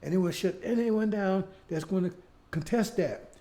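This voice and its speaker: High-voiced man preaching with emphasis. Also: moderate pace, dark tone. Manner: emphatic, repetitive, asks "See?" often; rhetorical questions and mocking asides. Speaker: speaker leading his own show. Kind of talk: preaching monologue.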